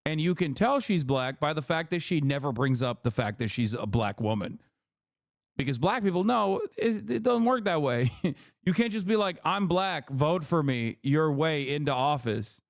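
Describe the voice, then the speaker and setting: Man, live-stream commentary, mocking, profane, higher voice, dry close mic. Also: big pitch swings, moderate pace, creaky, no echo.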